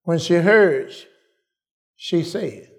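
A male preacher with a fairly high voice delivers his sermon at a slow, deliberate pace. He repeats his phrases for emphasis and keeps asking the congregation whether he is right. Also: lively intonation.

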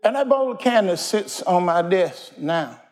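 A man's voice: high-pitched, animated, measured pace. Folksy call-and-response preacher man. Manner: plainspoken storytelling with everyday slang. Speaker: pastor. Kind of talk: sermon.

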